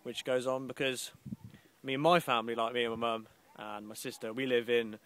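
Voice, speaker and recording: A man's voice: mid-range voice, steady tone, brisk, fairly bright tone, smooth. A young man from the Midlands vlogging outdoors by the coast on a handheld camera, rambling and grumbling with sarcasm. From English Midlands. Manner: rambling, grumbling and sarcastic, with mock posh voices. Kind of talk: casual outdoor vlog.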